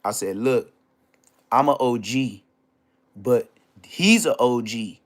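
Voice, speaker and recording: A middle-aged man recounting street drama in a casual, animated storytelling rant, full of slang and repeated phrases. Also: medium pitch, slow pace.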